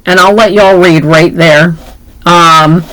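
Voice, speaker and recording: A woman co-hosting a casual movie chat, playful and animated, joking around as she talks. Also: lowish voice, slow pace, no echo, low-quality recording. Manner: playful, animated, jokes and puts on voices. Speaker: podcast co-host.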